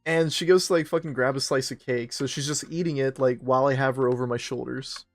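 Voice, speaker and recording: While streaming a game, a young man with a medium-pitched, fairly even voice tells a rambling, profane, self-mocking story at a quick pace. Faint game music plays in the background.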